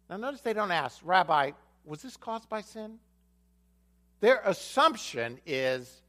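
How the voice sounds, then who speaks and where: A man delivers a sermon, retelling a scripture story and voicing its characters. His voice sits a little high and moves through a wide, animated range. He repeats key lines for emphasis. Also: unhurried. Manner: storytelling, acts out the dialogue of a Bible story. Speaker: pastor.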